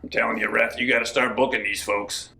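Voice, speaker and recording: A man telling folksy tall tales in a deadpan comic interview. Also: on the low side, brisk, vocal fry. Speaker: comic storyteller.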